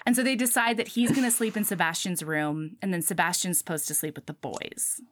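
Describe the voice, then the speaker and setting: A woman casually retelling a book's plot, acting out the characters' lines in quick bursts. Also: fairly low pitch, slight background noise. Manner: animated retelling, acts out dialogue. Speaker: podcast co-host. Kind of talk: casual book chat.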